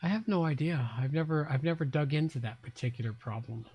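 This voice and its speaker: A man's voice: on the high side, fast, a little mellow, husky. Tipsy, foul-mouthed middle-aged man. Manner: blunt, profane, drawling. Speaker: livestream host. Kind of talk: casual late-night chat. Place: home apartment.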